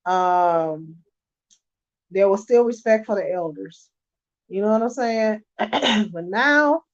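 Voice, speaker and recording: A middle-aged early-childhood teacher rests in her bed at home, talking casually to the camera. Her mid-range voice has a darkish tone with the highs cut off, and she's emphatic and conversational, repeatedly asking "you know what I'm saying."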